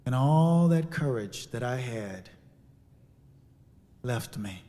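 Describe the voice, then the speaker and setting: A man's voice: medium pitch, expressive, slow pace. Man telling a dramatic story in a hall. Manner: dramatic, swings from hushed to loud. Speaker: speaker. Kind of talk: storytelling sermon. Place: church sanctuary. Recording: long hall reverb.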